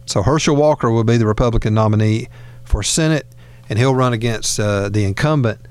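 A man's voice: mid-range voice, a little fast, darkish tone, clear, resonant tone. A man hosting a talk radio show, chatting casually with fillers and restarts. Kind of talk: conservative talk radio chat.

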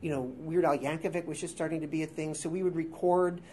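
High-voiced man in his forties, rambling. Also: steady tone, fast talker, warm tone, a little hiss or hum. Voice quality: high-pitched voice. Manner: rambling, self-deprecating, with filler words and restarts. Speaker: guest improviser. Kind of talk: casual interview storytelling. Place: theater workshop space before a live audience.

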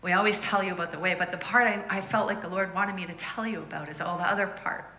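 A woman preaching a sermon as a lively storyteller, laughing often and acting out the voices of people in her stories. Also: on the low side, fast talker, roomy sound.

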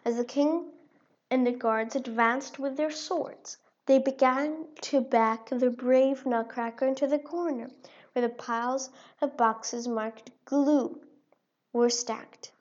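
A woman narrating a children's storybook in an expressive read-aloud way. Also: high-pitched, slow pace. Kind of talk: storybook reading. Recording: dull lo-fi recording.

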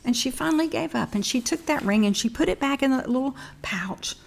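Middle-aged female Bible teacher with a slightly high voice, earnest storytelling that slows for emphasis. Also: expressive, creaky, a little hiss or hum.

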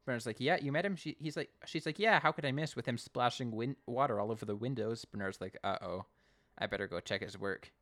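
A man's voice: mid-range voice, fast talker, hardly any pauses, a bit bright. A Canadian man co-hosting a podcast, casually recapping an episode and acting out lines in raised voices. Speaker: podcast co-host.

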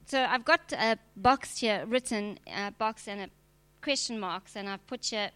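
A woman's voice: mid-range voice, a little slow, a bit bright, clean tone. A woman preacher, giving a direct, emphatic sermon with touches of humor. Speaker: preacher and church leader.

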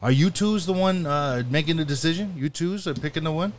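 Smug job-seeker guy, a man doing the voice, raised pitch, drawling. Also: brisk, a little hiss or hum, natural voice. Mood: eager. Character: cocky big male job applicant.

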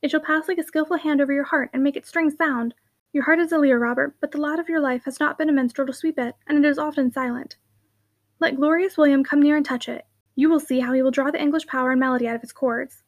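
Caroline is an earnest young woman who teases gently and speaks with feeling. A woman reads her in a fairly high, light voice. She sounds close to the narrator's own reading voice. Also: steady tone, quick pace.

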